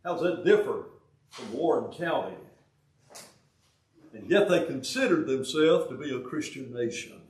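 Elderly Southern preacher, echoing from afar. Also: male voice, mid-range voice, lively intonation, a little mellow. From Alabama, US. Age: 80s. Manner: folksy, joking asides; halting with fillers and restarts. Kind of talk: sermon. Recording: roomy sound, from a distance.

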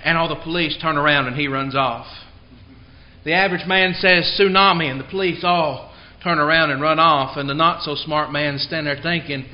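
Guy preaching sunday sermon, pretty high voice, leans hard on key words, kinda muffled lo-fi recording. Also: fairly even intonation, moderate pace. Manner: emphatic, stresses key words; tells a joke before the lesson.

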